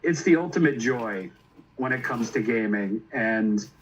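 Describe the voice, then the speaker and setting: A man's voice: mid-range voice, lively intonation, a little slow, a little hiss or hum. Young guy cohosting, hyped, swears a bunch, muffled lo-fi sound. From Italian heritage. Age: young adult. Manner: enthusiastic, swears casually. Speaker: co-host. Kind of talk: casual chat.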